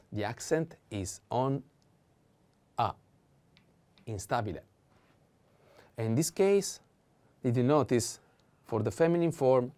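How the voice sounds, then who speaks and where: A man teaching vocabulary in a patient language lesson, repeating each word slowly and pausing with fillers. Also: mid-range voice, dark tone. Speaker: Italian teacher.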